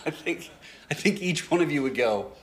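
Man, pastor, sermon, animated storytelling, pitch swinging up and down. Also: a little hiss or hum. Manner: animated storyteller, acts out dialogue, laughs often.

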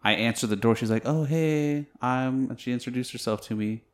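A young man in casual chat, telling stories in a relaxed, self-deprecating way. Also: medium pitch, a little fast.

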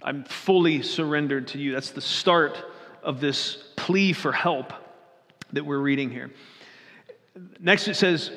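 A man's voice: on the high side, slow pace, long pauses, fairly bright tone. A man reading scripture aloud and then preaching, earnest, often putting questions to his listeners and repeating his phrases. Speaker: pastor. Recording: long reverb of a hall.

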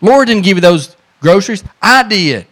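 A preacher doing an angry neighbor shouting. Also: male voice, high-pitched, animated, moderate pace, pitched above the performer's own voice. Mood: mocking. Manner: gruff, mocking shouting. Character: angry atheist neighbor man shouting back.

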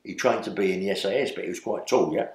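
This older man is a fast talker with a low pitch, recorded in a reverberant room. He rambles through stories as an interview guest, frequently adding "yeah?" to the end of his sentences.

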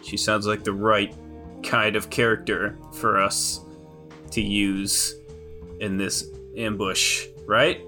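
A man narrating a tabletop game in a slow, easygoing way. His voice is bright. Faint music plays behind him. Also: lowish voice, level tone. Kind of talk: casual tabletop game play.

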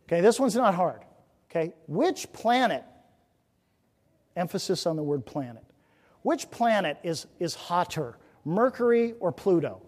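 A man preaching a sermon as pastor, earnest and exhorting, with rhetorical questions, swinging from loud emphasis down to hushed near-whispers. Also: fairly high pitch. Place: church sanctuary. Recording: reverberant church hall.

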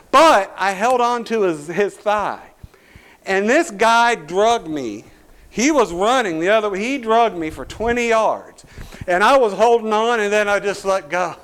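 A man's voice: high voice, fairly bright tone. A male pastor, preaching a sermon through a folksy personal story full of restarts.

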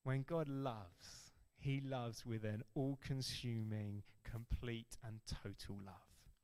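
A man preaching a sermon as pastor, earnest and emphatic, stressing key phrases slowly. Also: mid-range voice, fairly even intonation, a little mellow, clear, resonant tone, in a large hall.

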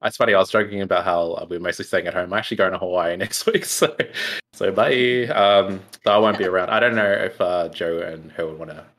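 A young man with a deep, low-pitched voice hosts a casual podcast. He talks in a laid-back way, laughing easily and filling pauses with ums and uhs. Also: fairly bright tone. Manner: laid-back, laughs often, filler-heavy. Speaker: podcast host.

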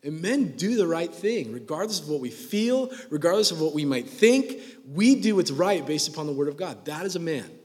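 A man's voice: on the high side, sing-song, normal speed, few pauses. A man in his twenties preaching a sermon in a joking, conversational way. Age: 20s. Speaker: pastor. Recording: long hall reverb.

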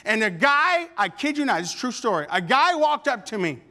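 A man preaching with a very high, bright and forceful voice. He tells a comic story and then presses his point with rising, animated shouts. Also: brisk. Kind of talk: sermon with humorous storytelling.

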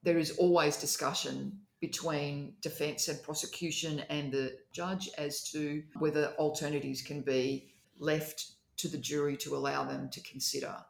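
A speaker with an Australian accent, explaining legal process in a measured way as a guest in a casual discussion. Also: medium pitch, level tone, creaky. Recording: roomy echo.

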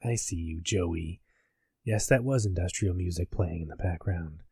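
A man voicing a creepy male prank caller in a low, slow, menacing murmur. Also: a little mellow, slightly rough, dry recording, studio quality.

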